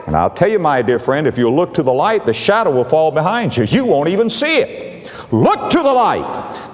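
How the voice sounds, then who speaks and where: A man delivers a sermon in a slightly high, very lively voice that leaps from booming declarations to hushed lows. He repeats key phrases for emphasis in a steady preaching cadence. His voice rings out with a long hall reverb.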